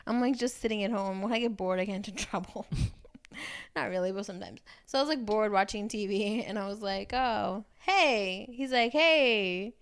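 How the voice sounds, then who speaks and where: A woman's voice: mid-range voice, steady tone, fairly quick, a little mellow, clear, resonant tone. A woman in her thirties telling stories bluntly in casual podcast chat, swearing freely and acting out the lines of the people she quotes. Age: 30s. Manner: blunt, profane storytelling with acted-out quotes. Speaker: podcast co-host.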